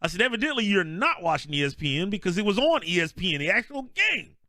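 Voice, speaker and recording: A man co-hosts a podcast of casual sports chat, talking fast in a high voice with studio quality and no echo. He's an animated storyteller who laughs often and acts out what people said.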